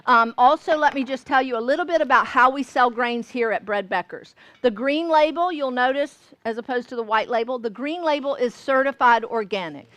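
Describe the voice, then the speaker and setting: A woman's voice: high-pitched, fairly quick, few pauses, a bit bright, no echo. A woman from Georgia, teaching a baking class in a folksy way and often checking that listeners follow. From Georgia, US South. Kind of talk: cooking class demonstration. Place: store classroom.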